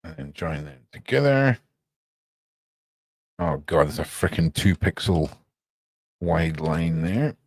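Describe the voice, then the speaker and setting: A man's voice: low voice, expressive, slow, long pauses, no room sound. A man chatting casually on a live stream, muttering to himself as he works and tossing off playful asides.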